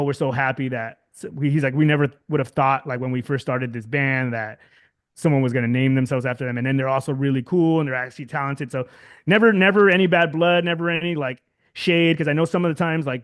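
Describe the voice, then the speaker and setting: A man's voice: medium pitch, steady tone, fairly quick. A man in his thirties, a guest musician from Southern California, talking casually in an interview, rambling with lots of fillers and restarts. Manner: rambling, many fillers and restarts, laughs often.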